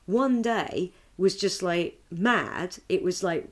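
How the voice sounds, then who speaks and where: A woman co-hosting a podcast, telling stories casually and acting out quick quotes. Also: on the low side. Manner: storytelling with quick acted-out quotes. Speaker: podcast co-host. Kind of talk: casual chat.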